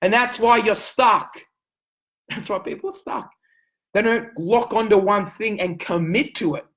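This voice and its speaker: Poor audio captures a high-pitched, slightly slow male voice in an intense motivational sales coaching talk. He stresses his points emphatically with repeated phrases, occasionally raising his voice nearly to a yell.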